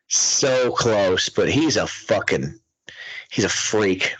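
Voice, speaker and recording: An excitable young man with a husky, slightly breathy voice that swings widely up and down in pitch. He chats casually and swears a lot, recorded close and dry with no room sound. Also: takes it slowly, no echo, poor audio. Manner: excitable, swears constantly, laughs often. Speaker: podcast co-host. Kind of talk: casual profane chat.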